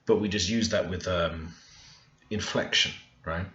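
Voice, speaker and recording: Low-pitched and forceful, with a bright tone, this language learner speaks a little slowly as he teaches a grammar lesson over a screen recording. He thinks aloud, stressing the words in his example sentences. An echoey room and dull lo-fi quality mark the recording.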